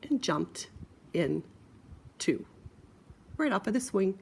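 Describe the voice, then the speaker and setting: Animated woman reading a children's book. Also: mid-range voice, slow pace, vocal fry, long pauses, slightly rough. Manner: animated, sing-song, playful. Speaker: story reader. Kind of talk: children's book read-aloud.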